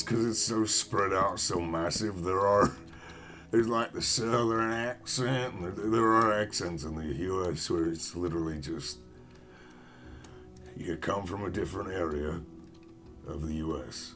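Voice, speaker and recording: A man's voice: sits low, a little slow, fairly bright tone, faint music behind. A young American man chatting casually with viewers while playing a game, rambling and self-mocking. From United States. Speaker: gaming streamer.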